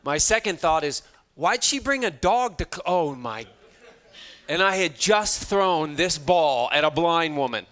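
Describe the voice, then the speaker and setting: A motivational speaker addressing a hall of students, a man with a high, light voice. He tells his stories in an animated way and plays out every line of dialogue, poking fun at himself as he goes. His tone stays bright and ringing. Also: a little slow. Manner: animated, acts out dialogue, self-deprecating humor. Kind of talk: storytelling keynote talk to students.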